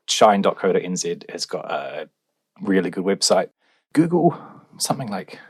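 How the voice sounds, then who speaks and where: A man's voice: sits low, creaky, breathy edge, dry recording. A male relationships researcher, answering podcast questions in a wry, explanatory way with fillers.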